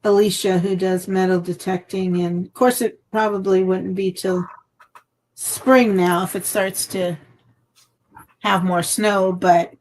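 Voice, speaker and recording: A woman's voice: level tone, a little slow, darkish tone, poor audio. A woman hosting a casual craft live stream from home, chatty and friendly. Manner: chatty, breaks into high baby talk with her dog. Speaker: craft channel host.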